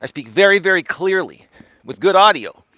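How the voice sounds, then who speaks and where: A man hosts a live stream as he walks, coaching and talking straight to his viewers. His voice sits a little high and sounds dry and close. He leans hard on words, repeats himself and keeps checking in with "right?". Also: expressive, moderate pace, pushed and bright, dry recording. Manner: emphatic, repeats words, tags lines with "right?", laughs often. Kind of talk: casual livestream monologue. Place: walking outdoors during a live stream.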